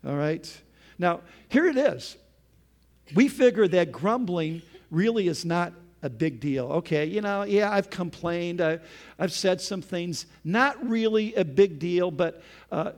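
A man's voice: high-pitched, lively intonation, unhurried. A man preaching a sermon to a congregation, reading scripture aloud and putting questions to the listeners. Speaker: pastor.

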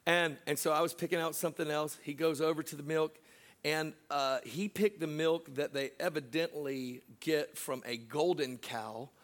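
Telling a personal story in his sermon, this middle-aged pastor has a fairly high-pitched voice. Loud asides full of laughter alternate with quiet, slow passages.

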